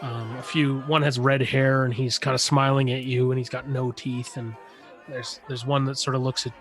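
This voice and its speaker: A man's voice: medium pitch, little pitch movement, normal speed, faint music behind. A man running a tabletop game as game master, describing scenes with many fillers and restarts.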